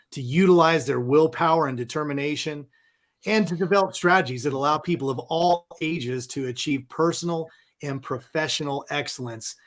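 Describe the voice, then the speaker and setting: A friendly co-host from Texas, a man whose voice sits a little high, reads a guest's bio with casual asides. He keeps it warm and informal between the formal parts. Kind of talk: introducing a guest.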